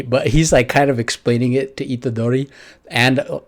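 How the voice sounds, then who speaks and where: A man's voice: medium pitch, fairly even intonation, moderate pace. A man giving a casual, rambling anime episode review, full of fillers and offhand swearing.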